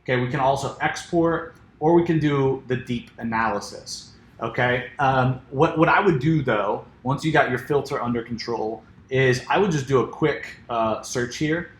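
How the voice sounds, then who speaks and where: A man giving a casual screen-share software walkthrough, full of fillers and restarts, saying he is losing his voice. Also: medium pitch, normal speed. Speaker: software reviewer. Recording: echoey room.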